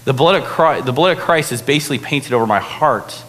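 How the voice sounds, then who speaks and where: A man's voice: medium pitch, a little fast. Casual young man preaching in a reverberant hall. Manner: casual, animated preaching with many fillers. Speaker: pastor. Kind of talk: sermon. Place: church hall.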